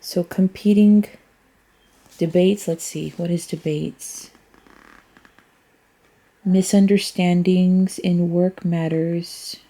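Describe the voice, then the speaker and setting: A woman's voice: fairly low pitch, steady tone, slow, long pauses, mellow. A woman giving a casual tarot reading, thinking aloud in a rambling way and speaking bluntly, with free swearing. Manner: frank, blunt, swears freely. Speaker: tarot reader.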